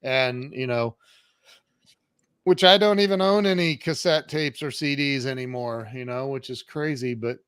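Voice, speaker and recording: A man in his fifties, a guest on a podcast, tells his life story in a lively, conversational way, with frequent restarts and fillers. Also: medium pitch, unhurried, clean tone, no room sound, clean studio sound. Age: 50s.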